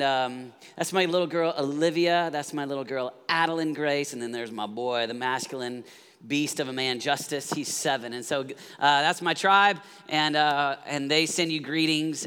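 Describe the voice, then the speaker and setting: Guest pastor, man, 40s; energetic sermon, urges congregation responses; reverberant church hall. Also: a little high, clear, resonant tone.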